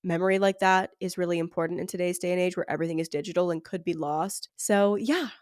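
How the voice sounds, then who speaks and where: A woman's voice: fairly low pitch, steady tone, fast talker, no echo, clean studio sound. A young woman hosting her own podcast, chatting casually and often saying "like", her voice nasal and congested from a sinus infection. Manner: chatty, with frequent "like" fillers. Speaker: podcast host. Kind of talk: casual solo podcast chat.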